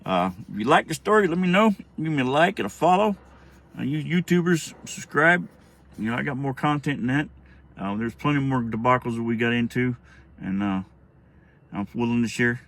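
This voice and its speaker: A man's voice: medium pitch, expressive, normal speed, fairly bright tone. A middle-aged man telling a rambling, profane story in a casual vlog. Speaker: storyteller vlogger.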